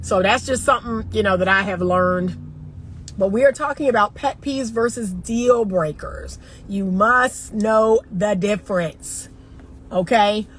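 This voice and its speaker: A woman's voice: medium pitch, measured pace, slight background noise. A middle-aged woman from the northern US, a dating coach chatting emphatically and directly to her viewers. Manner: emphatic, talks straight to viewers as y'all. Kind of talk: casual livestream chat.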